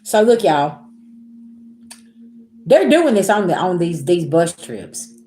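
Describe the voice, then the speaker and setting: A woman's voice: on the low side, takes it slowly, a little hiss or hum. Blunt woman telling a story, roomy echo. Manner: animated, emphatic, blunt and profane. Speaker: spiritual reader vlogger. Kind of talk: casual storytime to viewers.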